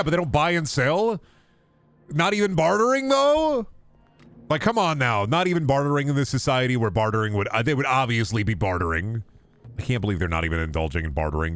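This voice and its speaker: A young man casually commenting on his gameplay, joking and breaking into sudden high yelps and shouts. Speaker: gaming streamer.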